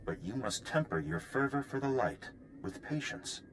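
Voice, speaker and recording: A man's voice: mid-range voice, expressive, moderate pace, natural voice. A man voicing a wise older Jedi master in a video game, counseling patiently. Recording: noisy game audio heard from far off.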